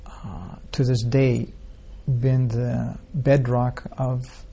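A man's voice: medium pitch, flat delivery, drawn-out words, vocal fry, mellow, slightly rough. A man teaching an informal scripture class, telling stories in a rambling way and asking the listeners rhetorical questions. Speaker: spiritual teacher.

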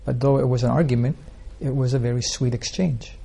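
A man's voice: mid-range voice, steady tone, a little fast, vocal fry, mellow, husky. A man teaching an informal scripture class, telling stories in a rambling way and asking the listeners rhetorical questions. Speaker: spiritual teacher.

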